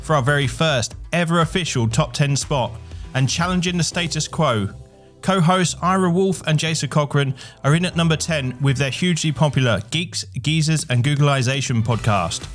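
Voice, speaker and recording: Male chart host, slightly high voice, upbeat countdown read, music faint behind. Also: moderate pace. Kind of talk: radio chart countdown presenting.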